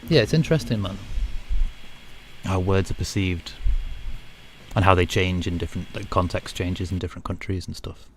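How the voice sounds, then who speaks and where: Deep-voiced northern english guy streaming a game, sort of scouse, chill rambly chat, faint typing behind. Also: moderate pace, a little hiss or hum. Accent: Northern English, near Scouse. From North of England. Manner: chatty and easygoing, lots of "like" and "you know". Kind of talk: casual chat while gaming, reading viewer comments.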